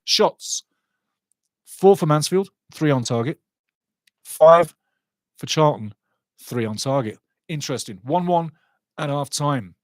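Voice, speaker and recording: A man's voice: fairly high pitch, no room sound. A man hosting a live football watch-along, chatting through scores and match statistics. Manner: chatty, reads out scores and stats.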